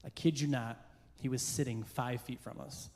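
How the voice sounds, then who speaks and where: Brief: male preacher, mid-pitched, spins a comic self-mocking story in church, echoing hall with light hiss. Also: fairly even intonation, moderate pace. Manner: comic, self-deprecating storyteller who shifts into hushed earnest passages. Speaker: church speaker. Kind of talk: humorous sermon storytelling. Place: church hall with a live audience. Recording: roomy hall reverb with faint background noise.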